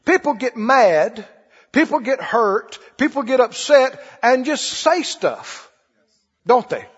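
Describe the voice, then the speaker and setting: A man delivers a sermon in a casual, questioning manner, acting out small scenes for his listeners. His voice sits very high and sounds husky. The lo-fi recording carries a long hall reverb, as in a church sanctuary. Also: big pitch swings, takes it slowly. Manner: conversational preaching, asks the congregation questions, acts out scenes. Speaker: pastor.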